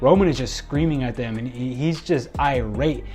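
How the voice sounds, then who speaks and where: A man giving a casual, excitable spoken recap of a wrestling show, rambling and restarting his sentences often. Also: mid-range voice, moderate pace, soft background music.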